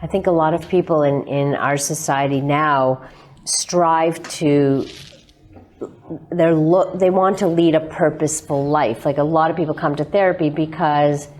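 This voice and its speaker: A woman therapist talking through relationship cases in conversation, explaining in quick animated bursts. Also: low voice. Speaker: sex therapist, guest. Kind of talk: conversational discussion.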